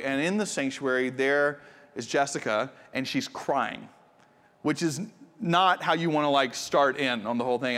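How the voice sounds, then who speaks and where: A pastor telling a personal story in a sermon, in a conversational way with restarts, and later drawing into a hushed tone. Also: male voice, a little high, long reverb tail.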